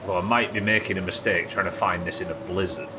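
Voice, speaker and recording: A man's voice: deep voice, steady tone, quick pace, background noise. A man chatting casually and swearing while he talks through a game on a live stream. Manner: chatty, swearing, thinking aloud. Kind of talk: casual gameplay commentary.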